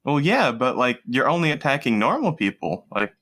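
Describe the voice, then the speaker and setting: Bright, lively man playing in character. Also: mid-range voice, moderate pace. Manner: polite, earnest, stammering restarts. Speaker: player. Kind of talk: in-character tabletop role-play.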